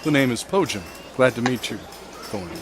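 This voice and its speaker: A man voicing a polite, formal male adventurer who speaks in measured phrases. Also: medium pitch, lively intonation, background noise, natural voice.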